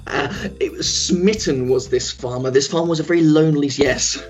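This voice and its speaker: A man's voice: a little high, normal speed, soft background music. A man telling an improvised comic story in a rambling way, with lots of fillers, on slightly dull lo-fi stream audio. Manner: rambling, with filler and self-corrections. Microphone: home computer mic on a livestream.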